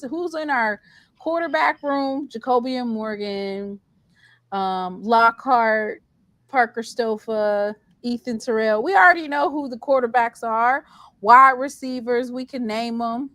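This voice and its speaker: A woman's voice: fairly high pitch, a bit bright, no room sound. A woman co-hosting a casual sports chat, teasing and emphatic like an eager fan. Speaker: co-host.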